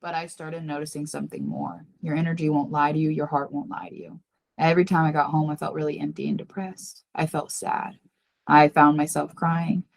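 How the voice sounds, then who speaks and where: A psychic medium appears as a podcast guest and confides a personal story, earnest and open, referring to herself by name. Her voice is slightly low, brisk, and has some vocal fry. She's animated, and her pitch jumps high whenever she acts out what someone said.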